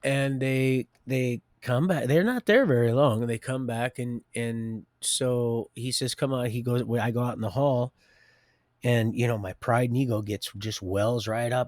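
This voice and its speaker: A middle-aged man telling his life story live from home, wandering off into folksy asides and circling back again. His voice sits at an ordinary middle pitch. The sound is dry and close, with no room echo. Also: a little slow, a little mellow. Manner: digressive, folksy, many restarts and asides. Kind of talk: rambling personal storytelling. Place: home, with a door and heater nearby.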